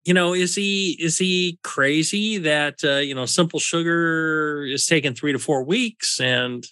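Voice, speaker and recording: Bright-voiced man hosting a podcast. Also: a little high, measured pace, clean tone, dry recording. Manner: chatty and explanatory, many fillers. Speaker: podcast host. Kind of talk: casual podcast chat.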